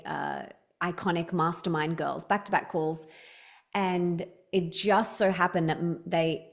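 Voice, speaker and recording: A woman in her thirties, a podcast guest telling stories in casual chat, with many restarts and fillers. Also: lowish voice. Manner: chatty storytelling, quick restarts, lots of "like".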